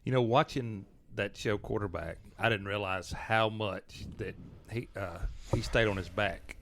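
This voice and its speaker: Male co-host, low and gravelly, halting casual chat. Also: fairly bright tone, dry recording. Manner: halting, restarts phrases. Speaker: podcast co-host.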